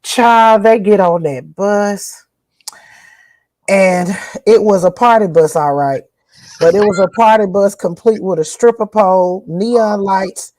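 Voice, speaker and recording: A woman's voice: mid-range voice, slow pace, dry recording, poor audio. Folksy country woman from northern Louisiana. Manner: folksy and animated, with old-fashioned country sayings. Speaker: podcast co-host. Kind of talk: casual chat.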